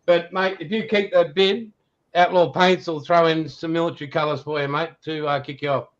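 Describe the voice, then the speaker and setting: A man's voice: on the high side, steady tone, moderate pace. Chummy Australian man over a dull line. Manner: laid-back and chummy, calls people mate, fills with um. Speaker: guest, YouTube scale-model channel host. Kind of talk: casual chat on a livestream.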